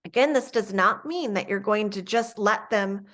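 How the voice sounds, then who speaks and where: Calm woman explaining classroom coaching steps. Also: medium pitch, normal speed. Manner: calm, explaining step by step, soft acted examples for students. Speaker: instructor. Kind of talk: instructional lecture on classroom coaching.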